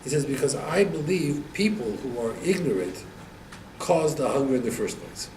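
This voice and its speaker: A man teaching a Torah class, telling stories and acting out the quotes with lively rises in his voice. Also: normal speed. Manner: animated storyteller, acts out quotes with rising pitch. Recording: echoey room, mic at a distance, faint background noise.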